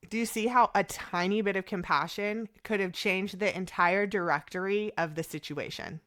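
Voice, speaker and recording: A woman's voice: mid-range voice, moderate pace, hardly any pauses. A woman in her thirties, a podcast guest, telling a story in casual chat and acting out the conversations she quotes. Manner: animated, quotes conversations in voices.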